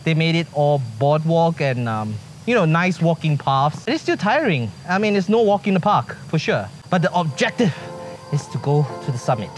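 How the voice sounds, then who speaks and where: In a casual hiking vlog on a forest trail, a man with a fairly high, lively voice talks at normal speed. Soft music plays underneath as he jokes and complains, breathless from climbing.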